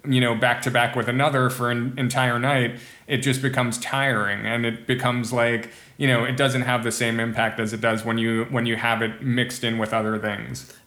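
A man speaks as a podcast guest in a relaxed, thoughtful way, pausing often to search for the right words. His voice stays fairly level with little melody. It sounds roomy and echoey, as though he is recorded in an open room. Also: medium pitch. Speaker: guest musician. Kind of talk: casual podcast conversation.

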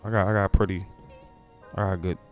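A man's voice: deep voice, level tone, fairly quick, darkish tone, soft background music. A man co-hosting a podcast in casual chat, teasing and blunt. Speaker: podcast co-host.

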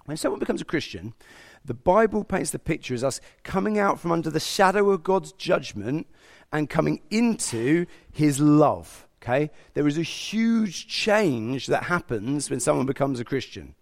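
Male preacher, fairly high, gravelly voice, animated sermon delivery. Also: moderate pace. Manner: animated, acts out God's inner voice.

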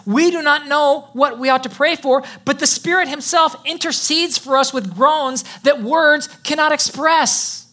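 Pastor, sermon: high, ringing voice, emphatic call-and-response delivery with scripture readings. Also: pushed and bright. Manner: reads scripture aloud between remarks.

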